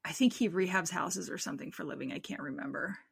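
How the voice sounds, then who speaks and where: A woman co-hosting a podcast, recounting events in animated casual chat that trails off quietly at the ends of thoughts. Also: on the low side, fast, gravelly, breathy edge, no room sound, studio quality. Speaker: podcast co-host.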